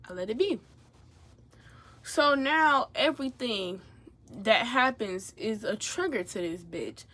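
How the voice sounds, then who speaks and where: A young woman with a fairly high voice chats through a get-ready-with-me video, doing her makeup while she tells a story. She talks in a profane, lively way. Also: slow, long pauses. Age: young adult. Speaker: beauty vlogger.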